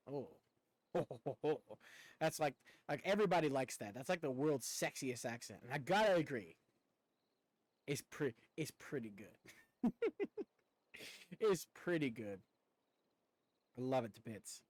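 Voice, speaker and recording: A man's voice: medium pitch, no room sound. A man from the United States chatting casually on a live stream, rambling and cursing offhandedly.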